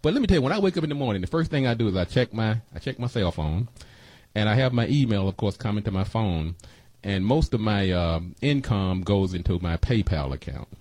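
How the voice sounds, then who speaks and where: A man's voice: lowish voice, big pitch swings, fairly quick, darkish tone, dry recording. Folksy male talk-radio host. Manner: folksy, preachy, repeats phone numbers. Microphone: studio microphone.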